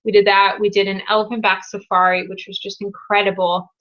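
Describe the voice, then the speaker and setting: A young woman hosting a casual live Q&A, chatting warmly and gushing with excitement over viewers' news. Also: medium pitch, brisk, lo-fi sound. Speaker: live Q&A host. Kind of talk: casual live-stream chat.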